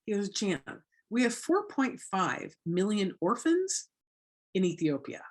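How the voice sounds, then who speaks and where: A woman from Florida, a guest on a talk show, telling her story in a lively way and acting out the voices of the people she quotes. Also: medium pitch, unhurried. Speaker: guest, anti-trafficking educator. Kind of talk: casual interview talk.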